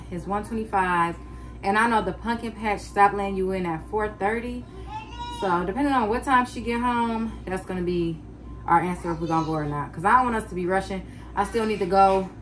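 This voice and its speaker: A woman's voice: medium pitch, slight background noise. A young woman vlogging from home, chatting to viewers in a casual, talkative way and calling them y'all. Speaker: vlogger mom. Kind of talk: casual home vlog talking to camera. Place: home kitchen and living room.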